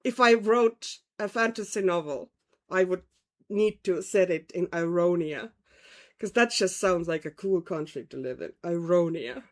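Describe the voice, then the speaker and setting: Speaking a little slowly in a low-ish voice, a woman hosts a casual livestream at home and keeps up friendly chatter, greeting viewers and frequently laughing. She's from Estonia, and her vague European accent has a slight Irish twang.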